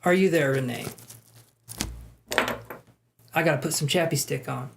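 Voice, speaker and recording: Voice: medium pitch, unhurried, vocal fry, noisy background. A tarot reader giving live-stream readings in a casual, chatty way, with self-deprecating asides.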